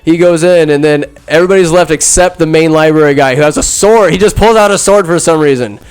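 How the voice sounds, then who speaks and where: A man's voice: fairly high pitch, fast, clear, resonant tone. Sarcastic man rambling through a movie recap. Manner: sarcastic, rambling, jumps into loud asides. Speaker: podcast host.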